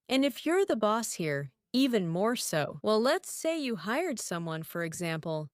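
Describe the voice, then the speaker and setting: A woman's voice: medium pitch, sing-song, unhurried, hardly any pauses, dry recording, studio quality. A woman giving a tarot reading, musing aloud and repeating herself as she talks straight to the viewer. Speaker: tarot reader.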